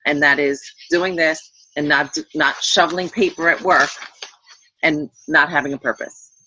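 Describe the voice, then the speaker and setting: A woman's voice: sits low, animated, moderate pace, creaky, sharp tone, highs cut off, a little hiss or hum. A woman in her forties on a team call, talking plainly and earnestly. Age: 40s.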